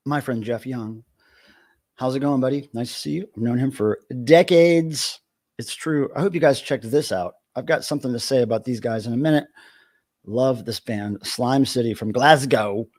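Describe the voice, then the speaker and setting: Jokey middle-aged livestream host. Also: male voice, medium pitch, a little mellow. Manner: jokey, greets chat viewers by name. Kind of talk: casual livestream chat.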